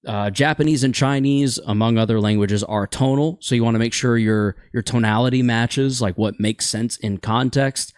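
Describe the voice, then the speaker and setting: A man's voice: mid-range voice, normal speed, few pauses, smooth, no room sound, studio quality. A man hosting a casual gaming chat show, rambling and opinionated, stumbling over words now and then.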